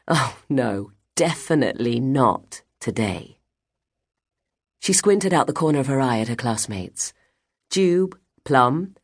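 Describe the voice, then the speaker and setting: Husky woman narrating a children's book. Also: a bass voice. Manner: expressive, measured storytelling. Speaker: audiobook narrator.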